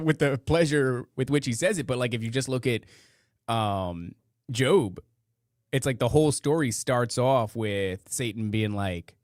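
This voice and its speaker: A man's voice: mid-range voice, lively intonation, measured pace, no echo, clean studio sound. A man hosting a podcast, reacting to clips with sarcastic, rambling commentary. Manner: sarcastic, mocking, rambling asides. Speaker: podcast host. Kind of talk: casual commentary over clips.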